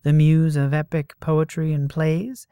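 A man voicing a blunt, brusque young female muse with a husky voice, in a storybook reading. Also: fairly high pitch, level tone, measured pace, dark tone, no echo, studio quality, voice pushed up. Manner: blunt and offhand.

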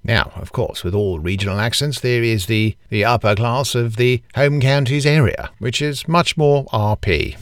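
A male voiceover artist with a smooth, clear delivery. He leans on key words in a dry, close recording. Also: mid-range voice, moderate pace, few pauses, dry recording. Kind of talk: voiceover accent demo.

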